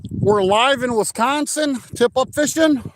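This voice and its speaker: A man, his voice sitting high for a man, talks slowly and cheerfully to his live chat. He greets viewers by name while standing out on a frozen lake. The sound comes from a phone mic out in the open wind. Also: no echo. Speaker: livestream host. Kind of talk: casual live-stream chat. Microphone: phone mic without plugged-in mic, wind noise.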